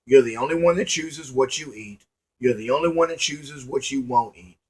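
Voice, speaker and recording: An online commentator delivers a preachy motivational monologue to his viewers, folksy and emphatic, repeating lines and posing rhetorical questions. He has a slightly rough, medium-pitched voice and speaks at a moderate pace.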